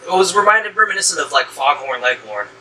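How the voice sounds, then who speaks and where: A man from the American South talks through a movie in a casual, rambling way, full of "um" and restarts. His tone is very bright and he sits a little back from the mic. A faint hum of the room sits under his voice. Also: on the high side, big pitch swings, quick pace, distant mic, poor audio. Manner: rambling, many fillers and restarts. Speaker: horror movie reviewer, host. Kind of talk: casual movie review chat.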